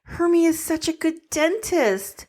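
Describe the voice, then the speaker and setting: A woman's voice: extremely high pitch, animated, unhurried, darkish tone. A young adult woman co-hosting a podcast in casual chat, giggly and teasing, with many restarts as she recaps a plot. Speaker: podcast co-host.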